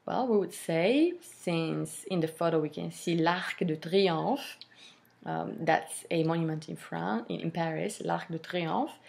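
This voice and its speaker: Female French teacher, unhurried and methodical, slightly low voice. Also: gravelly, darkish tone. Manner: slow, deliberate explanations, modelling French pronunciation with fillers. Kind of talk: language lesson.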